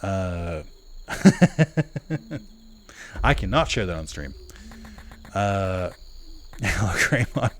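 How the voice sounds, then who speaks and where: Speaking low and very animated, this man draws out his words and leaves long pauses. He rambles casually through a live stream as he plays, leaning on filler words, frequently correcting himself and talking with viewers.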